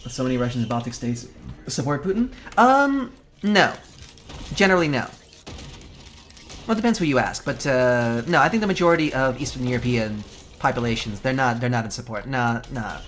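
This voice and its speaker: Brief: male game streamer, mid-pitched, swears a lot, rants loudly, then reads chat. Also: normal speed. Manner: profane, animated ranting; chatty, reads and answers chat. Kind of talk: casual live-stream chat.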